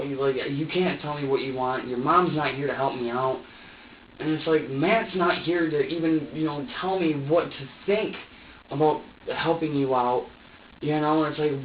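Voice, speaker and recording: A man's voice: medium pitch, steady tone, normal speed, recorded from a distance. A young man in a police interview room, pouring out an agitated, profanity-laced confession full of stammers and repeated phrases. He sits away from the microphone, so his voice echoes and sounds dull and lo-fi, with faint ambient noise underneath. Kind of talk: emotional confession.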